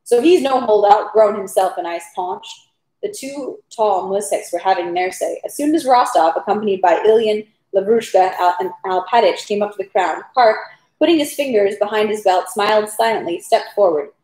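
A woman reading a novel aloud at home, steady with occasional stumbles over words. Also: medium pitch, moderate pace. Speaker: reader. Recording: roomy echo.

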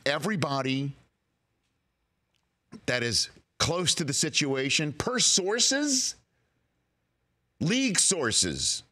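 Sports talk host, male, lively and bright, riffs with mock drama. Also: fairly high pitch. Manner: animated, mock-dramatic, playful riffing. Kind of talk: sports talk radio monologue.

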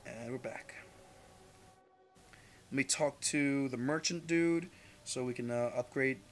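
A young man giving casual, rambling gameplay commentary as a channel host, swearing freely and jumping into loud outbursts. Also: medium pitch, slow, soft background music.

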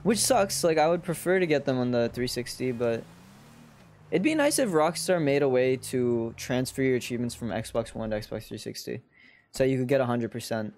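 A man's voice: mid-range voice, lively intonation, moderate pace, darkish tone, a little hiss or hum. A man giving casual, chatty gameplay commentary as a streamer, rambling and giggling.

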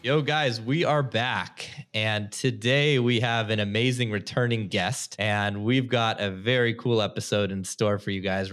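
Upbeat male podcast host, low voice. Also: fairly bright tone. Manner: upbeat, loose, frequent fillers. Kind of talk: casual podcast interview.

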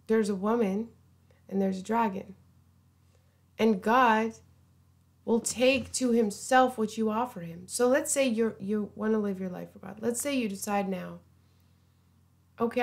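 A woman giving an informal sermon, earnest and pleading, often dropping to a hushed voice. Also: medium pitch. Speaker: preacher.

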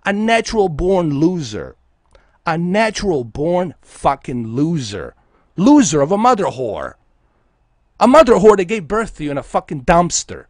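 A man's voice: on the high side, very animated, a little slow, darkish tone, no room sound, clean studio sound. A man from Bosnia, a game streamer delivering an aggressive, profane, taunting livestream rant at his viewers.

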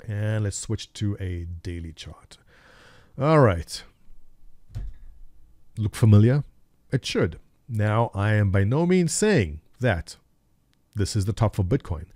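A man's voice: on the low side, big pitch swings, takes it slowly, pauses often, dark tone, dry recording, studio quality. A man in his forties, a former day trader, casually telling stories to his viewers and asking them rhetorical questions while he walks through a chart. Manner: laughs at his own stories. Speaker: streamer and market commentator. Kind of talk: casual storytelling over a chart.

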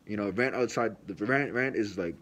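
A man's voice: fairly low pitch, moderate pace, a bit bright, slight background noise. A young man vlogging an unboxing, ranting in slangy, profane casual talk while he is sick.

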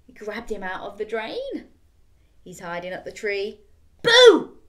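A woman reading a bedtime story aloud to children, animated and inviting them to join in, dropping to a hushed, dramatic tone on the spooky repeated words. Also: mid-range voice, measured pace.

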